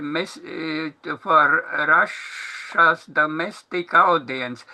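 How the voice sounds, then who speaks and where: A man speaking English as a second language, giving a halting solo talk full of fillers and restarts. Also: high-pitched, sharp tone. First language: Latvian. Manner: hesitant, many fillers and restarts. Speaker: commentator.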